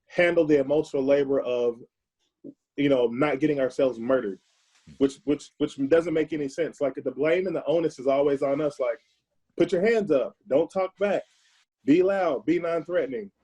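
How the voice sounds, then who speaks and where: A man speaking as a podcast guest in a casual discussion, earnest and forceful, often restarting his words. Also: on the high side, breathy edge, poor audio.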